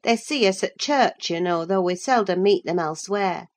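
A woman reading aloud and voicing a timid, well-bred young boy who speaks in a hushed way. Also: medium pitch, moderate pace, lightly acted.

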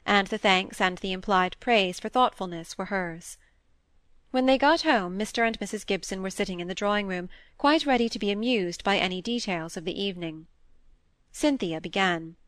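A woman narrating a classic novel as an audiobook in a measured, even storytelling manner. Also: medium pitch, smooth, no echo.

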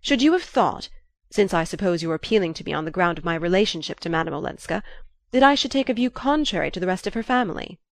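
A woman reading a proud, ironic gentleman. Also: mid-range voice, moderate pace, few pauses, close to an everyday voice. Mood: bristling. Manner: ironic, blustering. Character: proud, irritable gentleman, male.

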